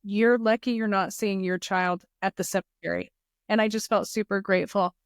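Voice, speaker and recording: A woman's voice: mid-range voice, fairly even intonation, normal speed, clear, resonant tone, no room sound, studio quality. A middle-aged woman speaking as a guest in a podcast interview, telling personal stories in an earnest, heartfelt way. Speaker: guest, foundation leader.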